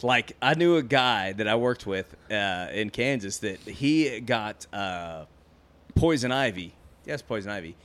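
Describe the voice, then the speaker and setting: A man's voice: lowish voice, animated, measured pace, fairly bright tone. A man co-hosting a podcast, riffing on a movie in rambling, profane banter and telling loose side stories. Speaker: podcast co-host. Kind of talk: casual movie-recap banter.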